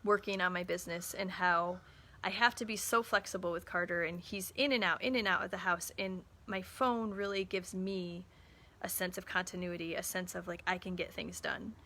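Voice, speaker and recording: Woman, 30s, chatty storyteller, bright tone, casual live talk. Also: fairly low pitch, fairly even intonation, moderate pace. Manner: chatty storytelling, acts out quoted dialogue. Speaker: small business owner and mother.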